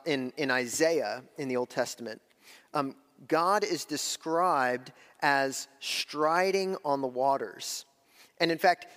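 A fairly high-pitched male preacher delivering a sermon in a sanctuary with a long, ringing reverb. He talks conversationally, slowing right down to stress key phrases, then rushing through asides to the congregation. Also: fairly bright tone. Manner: conversational preaching, shifting between slow emphasis and quick asides. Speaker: pastor.

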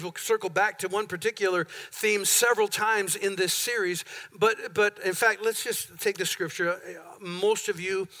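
A man's voice: sits high, sharp tone. A man preaching a sermon as pastor in a church, emphatic and building points through repetition. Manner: emphatic, repeats phrases for effect. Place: church sanctuary.

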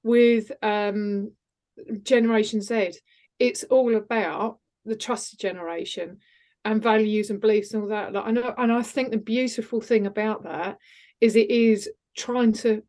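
A woman's voice: medium pitch, steady tone, a little slow, a little mellow. Emphatic woman coach. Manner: earnest and emphatic, repeats phrases for stress. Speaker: guest, executive coach. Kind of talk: casual interview chat.

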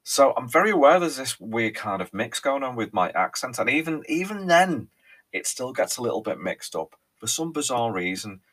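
A man with a low, deep voice and a Merseyside accent talks alone into his podcast mic. He rambles in a chatty way, repeating words and filling pauses with ums. He sounds like a man in his thirties. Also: fairly bright tone. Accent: Merseyside with a faint Cheshire lilt. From Ellesmere Port, England. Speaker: podcast host. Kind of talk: casual solo podcast monologue.

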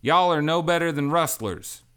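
A man voicing a defiant young woman crew member with a sharp, exasperated way of talking. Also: medium pitch, big pitch swings, moderate pace, breathy edge, voice pushed up. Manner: hissing, exasperated.

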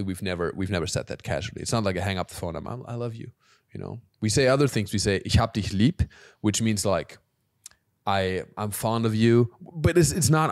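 A man with a German accent, hosting a podcast and talking candidly and reflectively in casual conversation. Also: on the low side. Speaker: podcast host.

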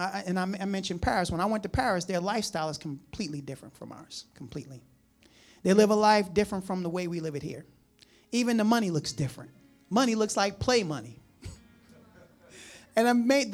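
A man's voice: sits high, gravelly. A man from the New Jersey or New York area preaching a conversational sermon, folksy and chatty with frequent asides and chuckles. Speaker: pastor.

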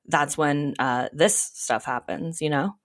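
A woman's voice: sits low, slow. A woman guesting on a podcast, casually recapping a show and swearing now and then. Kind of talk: casual chat.

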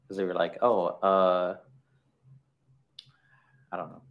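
A man's voice: low-pitched, flat delivery, slow pace, narrow, tinny audio. A man co-hosting a podcast in casual chat, teasing and a little hesitant. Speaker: podcast co-host.

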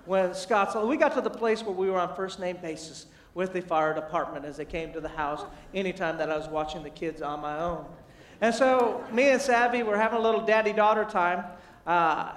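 A man giving a humorous motivational sermon, telling a family story with animated, self-deprecating delivery. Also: high-pitched, brisk, a little hiss or hum. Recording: echoey, distant mic in a large room.

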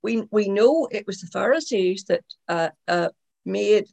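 A woman co-hosting a casual Bible discussion, retelling scripture with animated energy and repeated words. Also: medium pitch, measured pace, gravelly. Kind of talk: casual Bible study chat.

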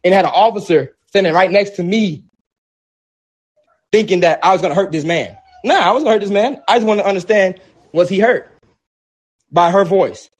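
A man with a high, husky voice recounts events in a heated, casual way. His speech is emphatic and repetitive, slangy and full of restarts. It sounds like an animated conversation. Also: normal speed, long pauses. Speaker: protest organizer. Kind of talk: heated personal storytelling in a discussion.

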